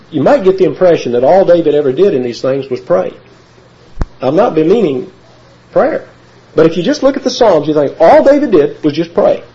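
Male preacher, lively sermon delivery, mellow voice, muffled lo-fi recording. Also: fairly high pitch. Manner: animated, emphatic Bible teaching.

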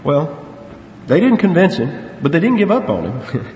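A man's voice: on the high side, very animated, normal speed, darkish tone. A man preaching an expository sermon, earnest and emphatic, stressing words and asking rhetorical questions. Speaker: preacher teaching a Bible passage. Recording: echoey hall, dull lo-fi sound, faint hiss.

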